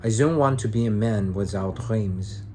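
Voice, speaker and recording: A man's voice: on the low side, normal speed, darkish tone, slight background noise, natural voice. A man doing an impression of a stern, resolute German filmmaker, with a put-on German accent and solemn repetition. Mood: defiant.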